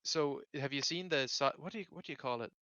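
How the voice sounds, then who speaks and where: A man hosts a loose podcast chat, rambling through fillers and swearing as he goes. His voice is bright and smooth, caught up close on a dry but dull, lo-fi recording. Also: medium pitch, fast, no echo. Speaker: podcast host. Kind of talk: casual chat.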